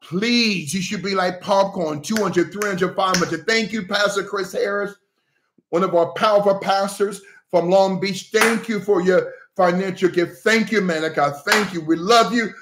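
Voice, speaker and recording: A man hosting a heated political livestream, animated and breaking into shouts, thanking viewers for gifts. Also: sits high, moderate pace, background noise. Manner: animated, breaks into shouts, repeats okay, coughs. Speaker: livestream host addressing viewers as pastors. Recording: echoey room.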